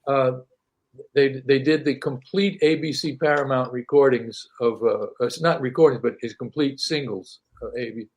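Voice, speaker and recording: An older man recounts stories from his career in a relaxed interview. He is animated, laughs easily and repeats his words as he goes, at an ordinary mid-range pitch. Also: normal speed. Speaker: interview guest, singer-songwriter. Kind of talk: casual storytelling.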